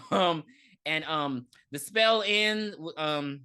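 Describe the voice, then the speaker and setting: A woman co-hosting a casual podcast, recapping an episode in slangy, animated chat, often laughing and acting out the characters' lines. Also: low voice, extremely slow, clean tone. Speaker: podcast co-host.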